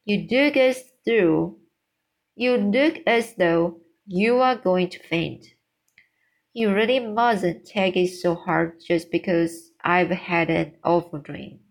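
A woman reading the part of a composed, dignified older lady, crisp and formal. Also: fairly low pitch, slow pace, heavily acted. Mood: concerned.

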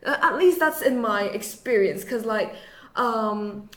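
A woman's voice: on the high side, a little slow. Chatty young woman with a put-on British accent. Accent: British English, put on for the show. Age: young adult. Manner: chatty, laughs often, many "like" fillers. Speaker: university student guest. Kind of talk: casual podcast chat. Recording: roomy echo.

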